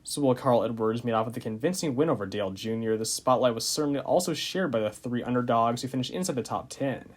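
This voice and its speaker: A man's voice: medium pitch, fast talker, hardly any pauses. A young man narrating a racing recap video in a casual way, often saying "uh". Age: young adult. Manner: casual, with frequent "uh" fillers. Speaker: YouTube racing channel host. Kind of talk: scripted narration.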